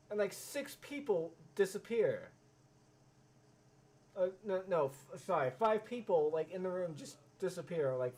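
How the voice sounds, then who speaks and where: Guy streaming a reaction, swears a lot, keeps restarting sentences, kinda high voice. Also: darkish tone. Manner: ranting, profane, stammering restarts. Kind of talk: live reaction commentary.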